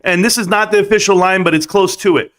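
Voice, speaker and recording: A man with a fairly high voice hosts a late-night stock livestream. He talks in a hyped, rambling way and pumps up his viewers. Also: steady tone, fast, fairly bright tone. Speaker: livestream host. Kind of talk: casual stock-market livestream talk.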